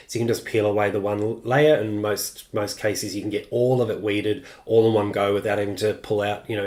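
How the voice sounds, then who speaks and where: A middle-aged man hosting a live-streamed craft tutorial, chatty and loose, with plenty of ums and uhs as he answers viewer comments. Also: on the low side.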